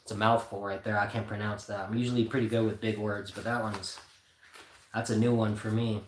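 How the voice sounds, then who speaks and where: A man's voice: fairly low pitch, flat delivery, fairly quick, a little hiss or hum. A man hosting a casual spiritual talk who thinks aloud, rambles and corrects himself as he goes. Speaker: channel host. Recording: roomy echo.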